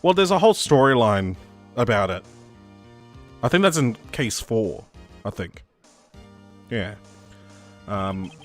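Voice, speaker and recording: A young Australian man narrating a game playthrough in a loose, rambling way, often stopping to correct himself. His pitch moves in a lively, animated way. Faint background music sits under his voice. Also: takes it slowly, pauses often. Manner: chatty, rambling, self-correcting. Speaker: gaming streamer. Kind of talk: let's play commentary, reading the game aloud.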